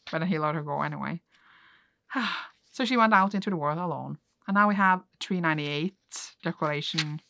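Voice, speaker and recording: Young woman vlogger, casual rambling recap, often laughing; bright, dry close-mic sound. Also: lowish voice, dry recording. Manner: chatty, laughs often, restarts with "like". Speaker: reading vlogger. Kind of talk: casual chat recapping a comic.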